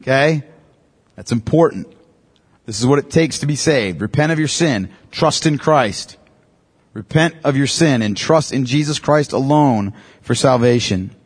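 A man's voice: medium pitch, animated, a little slow, slightly rough. A man teaching a church class on evangelism, emphatic and repeating his key points, often checking in with "okay?".

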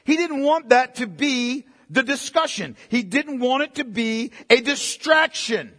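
A middle-aged man preaching a sermon in an animated, conversational way, asking listeners direct questions. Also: very high voice, measured pace, big-room sound. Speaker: pastor.

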